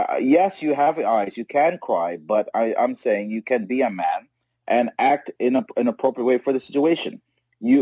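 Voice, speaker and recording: A man's voice: lowish voice, dark tone, slightly rough, dry recording, poor audio. A man calling in from home on wireless earbuds, giving an emphatic, rambling opinion in casual talk. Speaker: caller on a live audio show.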